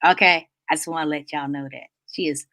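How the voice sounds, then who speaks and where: A woman's voice: deep voice, steady tone, a little fast, background noise. A woman with a Southern US accent hosting a talk show in a chatty, playful way. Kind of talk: casual chat.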